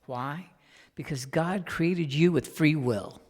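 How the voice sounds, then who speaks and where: A man, a guest minister, preaching a sermon. He swings from hushed whispers to loud, emphatic lines and puts questions straight to the congregation. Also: on the high side, slow. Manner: talks directly to the congregation with questions. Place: spiritual center sanctuary. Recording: long hall reverb.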